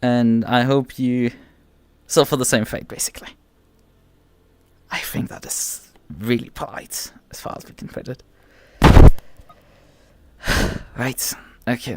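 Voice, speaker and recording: Exasperated swearing male streamer, lively pitch. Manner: exasperated, swears often, stammers and restarts. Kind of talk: casual livestream rant.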